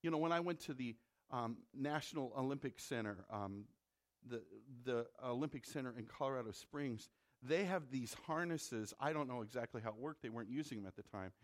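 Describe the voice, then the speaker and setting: A man's voice: medium pitch, a little fast. A man from the Midwest preaching a sermon as a pastor, in a conversational way that repeats words when he presses a point.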